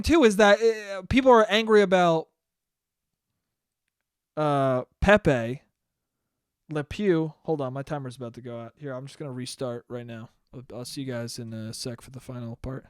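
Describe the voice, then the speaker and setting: Young male podcast host, rambling and profane, crisp voice, dry close sound. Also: fairly high pitch, dry recording. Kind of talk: casual solo podcast monologue.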